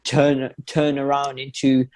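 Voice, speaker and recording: A young man co-hosting a podcast in casual chat, slangy and loose in quick bursts. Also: mid-range voice, monotone, a little mellow. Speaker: podcast co-host.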